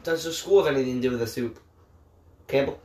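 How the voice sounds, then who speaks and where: Fast-talking teasing young man. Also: medium pitch, mellow. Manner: mocking, needling. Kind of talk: teasing casual chat.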